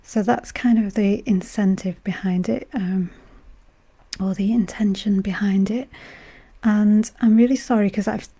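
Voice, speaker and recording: A woman from Britain who is unwell, her voice going, talking gently and softly as a meditation guide on a live stream, rambling with many fillers. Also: medium pitch, steady tone, unhurried, breathy edge. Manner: soft-spoken, gentle and rambling, with frequent fillers. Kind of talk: casual spiritual talk on a live stream.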